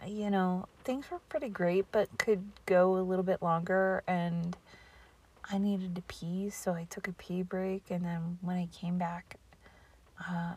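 A woman podcaster telling a rambling casual story, often slipping into breathy near-whispers. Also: lowish voice, darkish tone.

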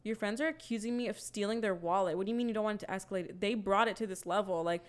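A woman's voice: mid-range voice, racing. A young woman telling a story in casual chat, swearing freely and acting out the quotes with energy. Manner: animated, profane storytelling with acted-out quotes.

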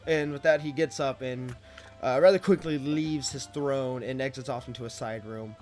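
A man narrating as dungeon master of a tabletop game, halting with many fillers. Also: mid-range voice, a little mellow, faint music behind.

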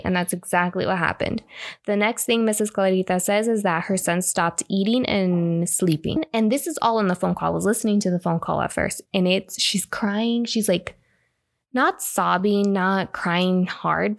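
A woman's voice: medium pitch, normal speed, gravelly. A woman co-hosting a casual podcast, telling a spooky story and acting out the quotes with feeling. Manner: animated, acts out quotes. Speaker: podcast co-host.

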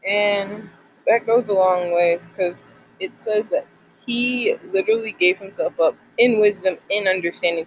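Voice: mid-range voice, slight background noise, rough recording. A person in their twenties talking casually about faith and college life, rambling with lots of filler words. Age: 20s. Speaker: college student sharing faith devotional.

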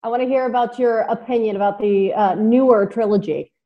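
A woman's voice: a little high, steady tone, fairly quick, lo-fi sound. A woman co-hosting a podcast in a casual chat, eagerly drawing out her guest. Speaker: podcast co-host.

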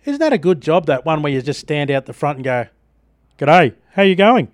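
Man, Australian accent, middle-aged, breakfast radio host, chatty, chuckles, fairly high voice, dry studio sound. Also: very animated, fast, no echo. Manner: chatty storyteller, chuckles often. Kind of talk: casual radio chat and news reading.

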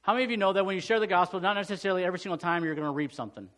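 A man's voice: high-pitched, rapid-fire. Emphatic male pastor preaching. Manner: emphatic, swings from loud urgent peaks to hushed storytelling. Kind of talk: sermon.

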